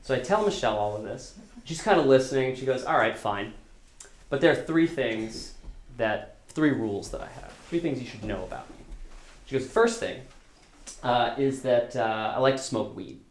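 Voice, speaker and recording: A man's voice: mid-range voice, animated, moderate pace, roomy sound, a little hiss or hum. A man telling a personal story live, in a casual, self-deprecating way, acting out the dialogue as he goes. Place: small live storytelling venue.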